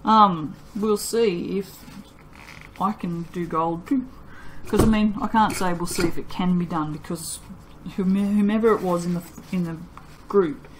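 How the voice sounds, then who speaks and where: A woman's voice: lowish voice, slight background noise. Tired, chatty woman soap maker. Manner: chatty, self-mocking, laughs often. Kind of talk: casual vlog chat while working.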